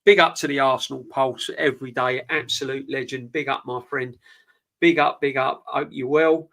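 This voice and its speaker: A man hosting a casual live-stream football chat, talking fast and eager, out of breath. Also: medium pitch. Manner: energetic, quick, calls guest brother. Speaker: podcast host.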